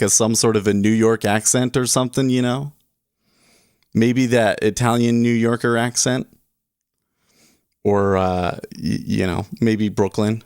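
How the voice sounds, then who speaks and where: Male streamer, mid-pitched, casual and rambling, dry close mic. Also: a little mellow, no echo. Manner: rambling, chuckling, reads chat aloud. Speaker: day trading livestream host. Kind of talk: casual livestream chat.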